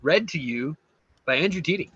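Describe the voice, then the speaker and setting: A man's voice: a little high, animated, normal speed, a bit bright, breathy edge, dry recording. A man co-hosting a casual show, describing pictures and reading their captions aloud, often giggling. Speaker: co-host. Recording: dull lo-fi call audio, dry.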